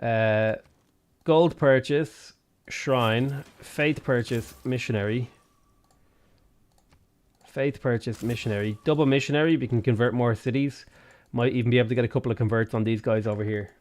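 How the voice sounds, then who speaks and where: Dublin Irish male streamer, casual live commentary, quick to swear at the game. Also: medium pitch, a little mellow. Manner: chatty, swears freely, bursts of exasperation.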